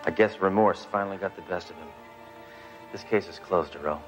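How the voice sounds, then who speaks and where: An actor playing a brash, cocksure male police detective, deadpan in 1980s TV comedy style. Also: sits low, a little fast, over music, natural voice. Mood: cocky.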